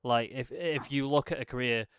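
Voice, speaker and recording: A man's voice: mid-range voice, normal speed, a bit bright, clear, resonant tone. A man co-hosting a casual podcast chat over whiskey, sweary and joking as he rambles off the cuff. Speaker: podcast co-host. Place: home studio streaming live.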